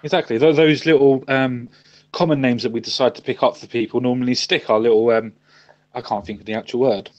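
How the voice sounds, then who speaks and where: Man, mid-pitched, muffled lo-fi sound, emphatic, repeats himself. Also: fairly even intonation, fairly quick. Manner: emphatic, repeats points, swears casually. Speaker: co-host. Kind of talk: casual chat.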